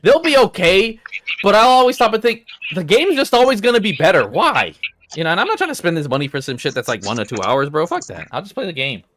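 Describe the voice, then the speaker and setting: Fast-talking ranting young man. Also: slight background noise. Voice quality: swears a lot, animated rants with big pitch swings. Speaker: podcast host. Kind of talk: casual podcast chat.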